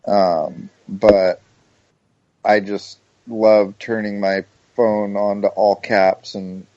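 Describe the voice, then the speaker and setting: A man's voice: on the low side, level tone, very slow, dark tone, no room sound, dull audio. A man on a podcast panel, chatting casually with a laid-back, dry humor.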